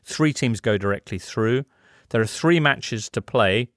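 A man hosting a sports show, brisk and chatty as he runs through results and brings in guests. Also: medium pitch, a bit bright, no echo, clean studio sound. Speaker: host. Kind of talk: sports radio presenting.

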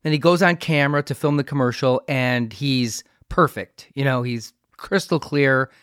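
A man's voice: mid-range voice, normal speed, fairly bright tone, smooth, no echo. Podcast host: middle-aged man, mid-range voice, chatty storyteller, dry close mic. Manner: chatty, trades stories with his guest. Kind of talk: casual interview chat.

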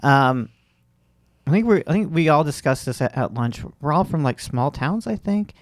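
A man's voice: on the high side, animated, normal speed, no echo, studio quality. Wry chatty man hosting a comedy podcast. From Central Florida. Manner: chatty, wry, frequent fillers and restarts. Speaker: podcast host. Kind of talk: casual comedic chat.

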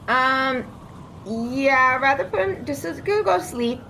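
A woman taking part in a tabletop game, talking in a loose, playful way and laughing often. Her voice is on the higher side. Faint hiss sits under it. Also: lively intonation, slow, bright, forceful tone, low-quality recording. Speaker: player. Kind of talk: casual tabletop play.

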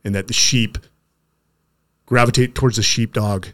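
A man's voice: mid-range voice, steady tone, moderate pace, a bit bright. A middle-aged man hosting a conversational interview, speaking earnestly and often stopping to restart his sentences. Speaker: podcast host.

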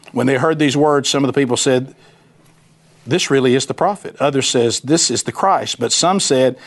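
Guy leading a bible study, folksy and chatty, jumps into little voices for the bible characters. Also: mid-range voice. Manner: folksy, animated, acts out voices of Bible figures. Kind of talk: conversational Bible teaching.

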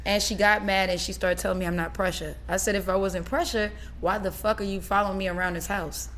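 A woman's voice: mid-range voice, fast talker, a little hiss or hum. A woman, a guest on a chat show, telling a story in casual talk and acting out what people said. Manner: animated storytelling with quoted dialogue.

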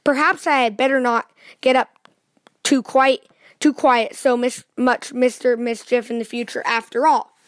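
A woman's voice: fairly high pitch, fairly even intonation, a little slow, no echo, studio quality, close to an everyday voice. Mister Mischief, a woman voicing a giggling little imp. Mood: dismayed.

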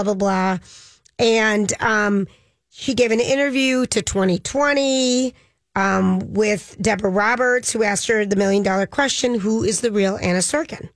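Woman casually telling a story, um-heavy, waves stuff off, mid pitch, dry close sound. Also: no echo. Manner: chatty storyteller, many ums, dismissive "blah blah". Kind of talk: casual chat, retelling a news story.

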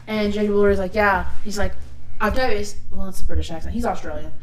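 A woman's voice: mid-range voice, very fast, slight background noise, rough recording. A woman co-hosting a podcast in casual chat, talking bluntly and rambling, with free swearing. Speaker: podcast co-host.

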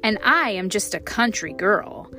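A woman voicing a quick, mischievous younger sister who teases with feigned innocence. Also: medium pitch, expressive, bright, forceful tone, faint music behind. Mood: teasing. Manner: teasing, falsely innocent.

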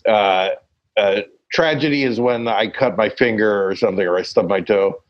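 A man's voice: lowish voice, normal speed, dull audio. A man chatting casually as a podcast co-host, rambling and searching for words with many fillers. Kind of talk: casual chat.

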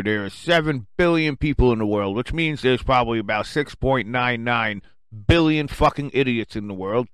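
A man hosting his own radio show, delivering an angry, sarcastic rant full of cursing, swinging between low muttering and loud outbursts. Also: normal speed, smooth, dry recording. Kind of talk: profane rant.

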